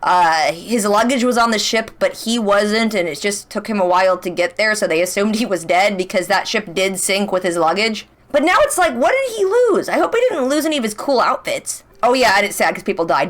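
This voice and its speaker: A young woman chatting casually as she recaps a TV episode. She is excitable, full of "like" and rhetorical questions. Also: medium pitch. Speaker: reaction channel host.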